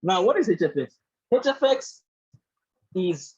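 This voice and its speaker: On a group call, a trading instructor leads a live online bootcamp in a voice on the high side, a little mellow and slightly rough, with big pitch swings at a normal pace. The audio is dull. He often says "actually" and "all of that" and keeps asking listeners "do you understand?" and "right?"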